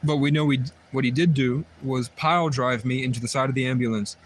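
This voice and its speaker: With faint vehicle hum in the background, a man talks at length on a livestream in a steady, mid-range voice, a little fast. His monologue rambles and repeats, looping over the same points with many restarted sentences.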